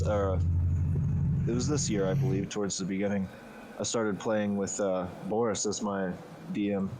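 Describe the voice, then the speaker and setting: Lowish guy asking stuff at a d&d table, lots of uhs. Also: darkish tone, a little hiss or hum. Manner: hesitant, many uhs while asking questions. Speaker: player. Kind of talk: casual tabletop play chat.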